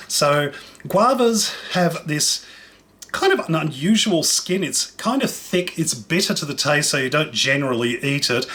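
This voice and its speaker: A man's voice: fairly high pitch, a bit bright. Chatty man hosting a cooking show. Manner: chatty, enthusiastic tasting descriptions. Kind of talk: casual food demonstration.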